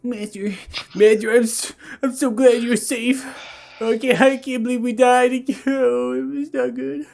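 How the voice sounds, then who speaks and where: A man voicing a frantic, devoted pet bird creature in a tabletop game, shrill and panicky, near yelling. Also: level tone, a little slow, vocal fry, full character voice. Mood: relieved, overwrought.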